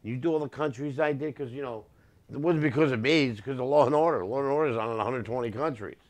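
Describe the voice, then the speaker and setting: A man's voice: mid-range voice, fast talker, a little mellow. A middle-aged man, a guest comedian, telling road stories in casual chat with punchy joke delivery. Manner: storytelling, punchy joke delivery, quotes people in changed voices.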